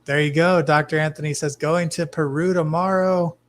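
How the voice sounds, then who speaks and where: A man hosts a casual live stream from his home fish room. His voice sits a little higher than most men's, and he talks in a relaxed, friendly way, reading viewer names off the chat. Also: moderate pace, a little hiss or hum. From Arizona, US. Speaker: livestream host.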